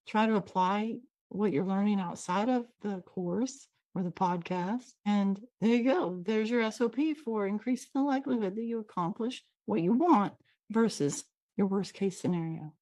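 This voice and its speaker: A Washington State woman with a Pacific Northwest accent hosts and teaches in an upbeat, casual way that drifts off on tangents, speaking through a computer mic. Her medium-pitched voice is mellow, with no echo.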